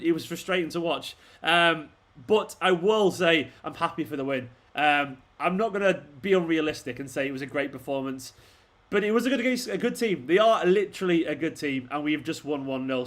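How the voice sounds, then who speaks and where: Swearing a lot and yelling at the players on screen, a young man hosts his fan channel's live football watchalong. His voice is slightly high and somewhat bright.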